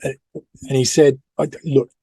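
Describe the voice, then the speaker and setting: A man's voice: mid-range voice, steady tone, normal speed, warm tone, slightly rough, no room sound. British man telling a rambling story. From United Kingdom. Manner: rambling, self-deprecating, many restarts. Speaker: podcast co-host. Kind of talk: casual storytelling.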